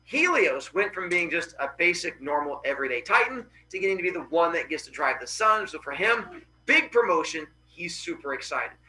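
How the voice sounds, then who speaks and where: Animated male teacher retelling a myth. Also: fairly high pitch, moderate pace, a little hiss or hum, low-quality recording. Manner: animated, joking, slangy. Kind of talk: casual myth storytelling in class. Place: classroom.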